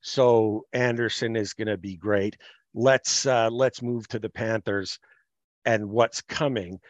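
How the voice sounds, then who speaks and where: A man hosting a podcast, chatting about sports in a measured way and thinking aloud with fillers. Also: fairly low pitch, fairly even intonation, no echo. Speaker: podcast host. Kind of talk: casual sports chat. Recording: slightly muffled, dry.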